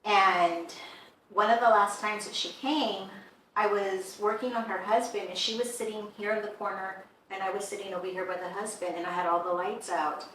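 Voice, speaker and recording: A woman's voice: mid-range voice, normal speed. A woman who owns a shop tells of strange events in casual conversation, acting out what people said. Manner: animated storyteller who acts out quoted dialogue. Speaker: shop owner and tattoo artist. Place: indoors in a shop. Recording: echoey room, mic some distance off, faint background hum.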